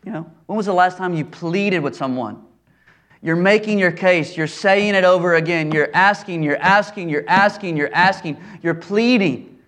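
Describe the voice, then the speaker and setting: A man's voice: high voice, moderate pace, fairly bright tone. A male preacher giving an earnest expository sermon, repeating phrases for emphasis.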